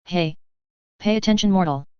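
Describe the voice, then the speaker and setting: A reader voicing a cruel, taunting male vampire who speaks with slow menace, on a slightly dull recording. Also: mid-range voice, clean tone, dry recording, natural voice. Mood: menacing. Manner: menacing, mocking.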